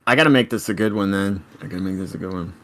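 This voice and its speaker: A man's voice: racing, fairly bright tone. A man co-hosting a podcast, casually running a movie quote quiz and laughing often. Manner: playful, laughs often, swings widely in pitch. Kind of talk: casual chat.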